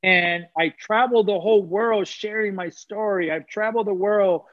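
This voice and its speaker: Earnest high-voiced man giving testimony. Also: normal speed, fairly bright tone, no echo, dull audio. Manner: earnest, preacherly, repeats phrases for emphasis. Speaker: guest sharing testimony. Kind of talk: emotional personal testimony.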